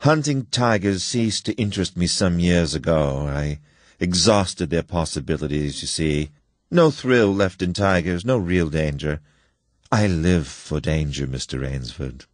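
A man's voice: low-pitched, lively intonation, no room sound, studio quality. A man reading as a suave, menacing aristocrat general. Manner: courteous, measured, slow menace. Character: suave aristocratic older male hunter general. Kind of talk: audiobook story reading.

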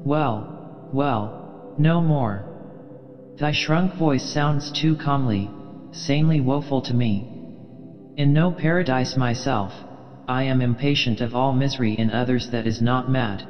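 Man voicing an obsessed old sea captain, imperious, intense, slow and heavy delivery, long reverb. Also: medium pitch, muffled recording, faint music behind, natural voice. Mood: brooding. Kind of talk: audiobook reading.

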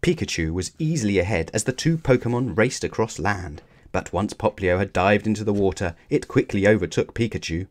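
A man reading a children's storybook aloud in a measured, expressive way. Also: lowish voice. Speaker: children's book reader.

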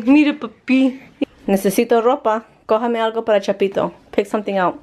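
A woman's voice: on the high side, brisk, a little mellow. A woman vlogging casually with her family, playful and teasing, slipping Spanish words into her English. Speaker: mom vlogger. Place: messy family home.

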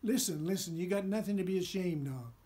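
A man's voice: high voice, brisk, dark tone, lightly acted. A man voicing a giant male eagle who gives friendly advice, in a storybook reading. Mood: encouraging. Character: giant male eagle, chatty, kindly counselor.

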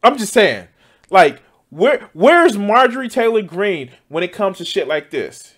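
Excitable high-voiced man reacting to clips. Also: a little slow. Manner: profane, laughing, exclaiming. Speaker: streamer reacting to news clips. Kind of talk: casual reaction commentary.

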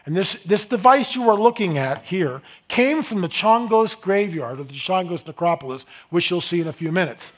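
A middle-aged man delivering an animated lecture to a live audience in a fairly high voice. He rambles with restarts and asides, then builds to emphatic, near-shouted rhetorical questions. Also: normal speed. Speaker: speaker presenting a slide lecture.

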